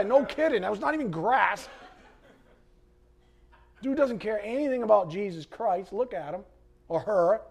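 A man preaching a sermon as pastor, impassioned, with sarcastic asides to the congregation. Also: extremely high pitch. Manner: impassioned, swings from quiet to loud.

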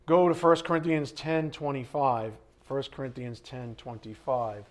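A man's voice: mid-range voice, little pitch movement, a little slow. A man teaching the Bible in a conversational way, blunt and fond of rhetorical questions.

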